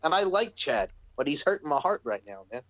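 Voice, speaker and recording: A man co-hosting a casual wrestling podcast, excitable, laughing and swearing as he talks. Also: a little high, fairly quick, dry recording. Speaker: podcast co-host.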